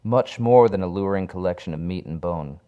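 A man doing a faceless, otherworldly male being in a spoken horror story. His voice is deep and smooth, every word measured and coolly threatening. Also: mellow, highs cut off, natural voice. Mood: menacing. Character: sinister featureless male entity, calm and menacing.

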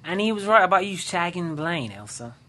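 A man's voice: high-pitched, sing-song, fairly quick, sharp tone, slight background noise, heavily acted. An actor playing a sly, bloodthirsty male henchman with a wheedling, gossipy manner.

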